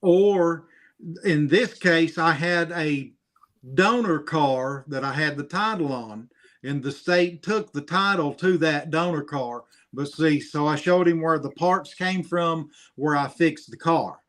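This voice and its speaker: A middle-aged man with a slightly high voice chats casually. His talk is plain and folksy as he tells stories and explains practical know-how. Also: takes it slowly, a bit bright. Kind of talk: casual chat.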